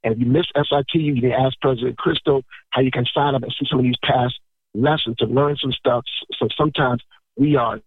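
A man delivers a sermon in a loose, conversational way, repeating himself and greeting listeners by name. His voice is a little husky and sits in a middle range. It sounds dry and tinny, as if heard down a phone line. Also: mid-range voice, steady tone, brisk, no echo. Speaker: preacher.

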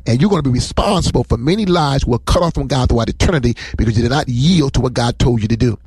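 A man's voice: mid-range voice, fast talker, breathy edge, no echo, rough recording. A man preaching a sermon on a livestream, retelling a Bible story and acting out its voices. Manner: animated, acts out scripture voices.

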